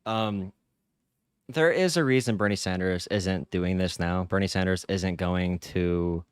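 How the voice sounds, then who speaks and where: A man's voice: deep voice, measured pace, clear, resonant tone, dry recording, studio quality. A man giving casual political reaction commentary, rambling with lots of fillers. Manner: laid-back, rambling, frequent fillers.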